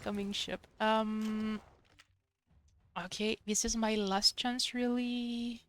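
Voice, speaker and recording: A young woman streaming a video game live, chatting excitedly to herself while she plays. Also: on the high side, slow. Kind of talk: live gameplay commentary.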